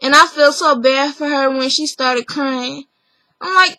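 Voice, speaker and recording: A woman's voice: high voice, measured pace, sharp tone, no room sound, rough recording. A woman recapping a reality show episode in a chatty, opinionated vlog, acting out the people she quotes. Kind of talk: casual recap review.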